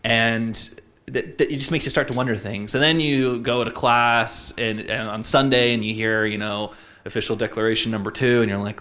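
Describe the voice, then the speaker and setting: A man in his twenties from Utah, telling a personal story in a casual, reflective way, halting often with fillers and restarts. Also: medium pitch, fairly even intonation, bright, forceful tone.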